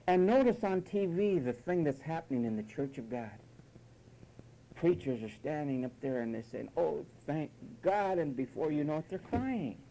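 A man's voice: fairly high pitch, warm tone, poor audio. A man preaching a sermon, emphatic and mocking, at times imitating whiny voices.

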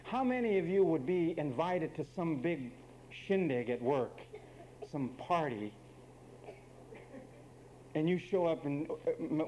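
A man's voice: on the high side, animated, takes it slowly, long pauses, warm tone, lo-fi sound, slight background noise. A man preaching a sermon, emphatic and wry, speaking straight to the men and women of his congregation.

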